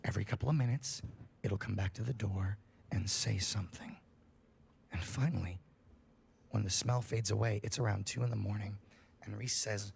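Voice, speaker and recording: A man's voice: mid-range voice, animated, normal speed, gravelly, slightly rough. A man on a livestream telling a scary story in a casual, profane way, building suspense. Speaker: streamer.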